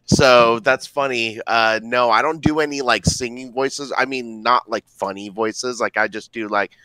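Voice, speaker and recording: A man's voice: medium pitch, steady tone, unhurried, bright, forceful tone, dry recording. A man talking as a guest on a casual podcast, rambling, laughing and swearing. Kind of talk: casual group chat.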